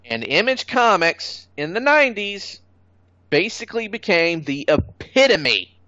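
A man's voice: high-pitched, sing-song, a little slow, pushed and bright, dry recording. A man chatting casually on a podcast, blunt and opinionated, swearing freely and laughing at his own jokes. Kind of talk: casual chat. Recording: dull lo-fi sound.

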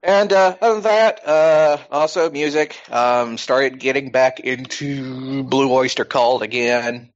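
A man's voice: mid-range voice, slow, few pauses, dull audio. A man hosting a podcast in casual chat, rambling with plenty of fillers. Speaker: podcast host.

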